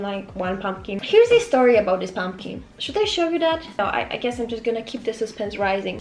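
A woman in her twenties vlogging casually at home, rambling with nervous, self-mocking asides. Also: on the high side. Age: 20s. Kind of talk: casual chatty vlog. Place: room at home. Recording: echoey room, faint noise.

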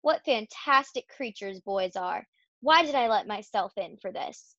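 A woman's voice: a little high, lively intonation, measured pace, sharp tone, no room sound, heavily acted. A fussy, grumbling male barn rat, as a woman reads him. He complains at length in a dull, lo-fi storybook recording.

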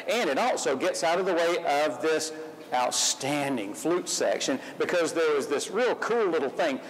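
A man's voice: on the high side, expressive, moderate pace, slight background noise, low-quality recording. A man leading a school band rehearsal, giving upbeat, encouraging instructions and singing the rhythms on syllables. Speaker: band clinician conducting a rehearsal.

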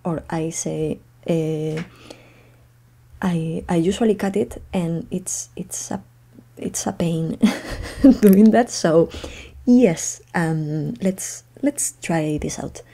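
A woman's voice: fairly low pitch, slow, dark tone. A woman from Spain, hosting her podcast in a casual, unedited monologue, chatty and hesitant with frequent laughs. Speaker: podcast host. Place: home room.

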